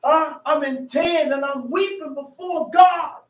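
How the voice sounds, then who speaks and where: A man preaching a sermon with shouted, impassioned bursts, dropping into slow definitions and casual street talk, calling his listeners "man.". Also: extremely high pitch. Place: worship hall. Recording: echoey room, mic far off.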